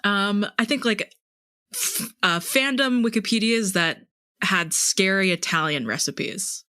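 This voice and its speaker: A podcast co-host in casual comedic chat, trading dry, deadpan jabs. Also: mid-range voice, unhurried, dry recording.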